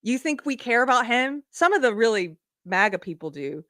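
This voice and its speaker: A woman's voice: a little high, sing-song, moderate pace, fairly bright tone, no room sound, studio quality. A middle-aged woman hosting a live political commentary stream, talking casually and sarcastically, often laughing.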